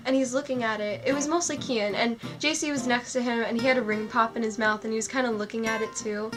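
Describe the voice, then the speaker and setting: A young woman vlogger telling a story in a gushing, excitable way, full of "like" fillers. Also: a little high. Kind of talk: storytelling vlog. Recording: music playing under the voice.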